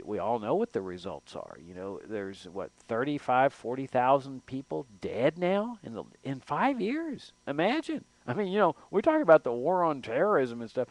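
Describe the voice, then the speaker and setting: Brief: male host, political monologue, fairly high voice, dry close sound, emphatic with restarts. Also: no room sound. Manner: emphatic, repeats words and restarts, rhetorical questions. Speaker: show host.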